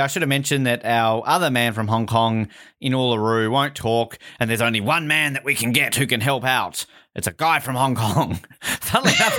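A man's voice: medium pitch, pushed and bright. A man co-hosting a casual movie recap podcast, teasing his co-host with wry jokes. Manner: joking, teasing, wry asides.

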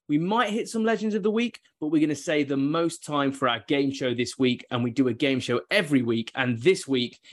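A man hosting a football podcast, ad-libbing in a playful, mock-grand way. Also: medium pitch. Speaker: podcast host. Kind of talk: casual podcast banter.

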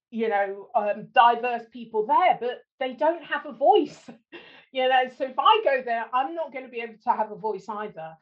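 A woman's voice: on the high side, lo-fi sound. A middle-aged woman hosting a podcast interview in a casual chat, dropping self-deprecating jokes and laughing often. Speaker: podcast host.

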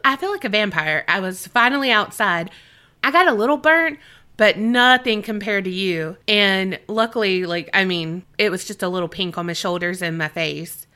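A woman's voice: mid-range voice, moderate pace, bright, forceful tone, smooth. A woman co-hosting a podcast, teasing and laughing easily in casual chat. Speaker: podcast co-host.

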